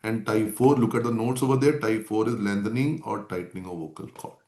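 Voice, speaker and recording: A man's voice: fairly low pitch, a little fast, darkish tone. Man lecturing in an echoey classroom. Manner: repetitive, drilling key terms. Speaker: medical lecturer.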